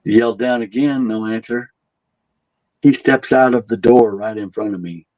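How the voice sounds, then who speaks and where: A man's voice: mid-range voice, normal speed, a little mellow, dry recording, low-quality recording. A man working as a tour guide, telling a story casually and animatedly, acting out what people said and chuckling at his own jokes. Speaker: haunted asylum tour guide.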